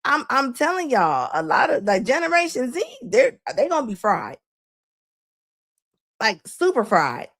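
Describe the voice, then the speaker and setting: Woman host, higher voice, reacting out loud. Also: a little slow. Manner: animated, laughing, preachy asides to the audience. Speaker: live-stream host. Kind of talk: casual reaction commentary.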